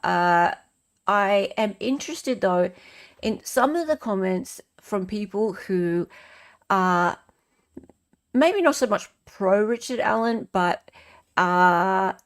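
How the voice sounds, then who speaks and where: A woman's voice: medium pitch, expressive, slow, long pauses. An Australian woman hosting a casual livestream chat, greeting viewers and reading their comments aloud. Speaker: livestream host.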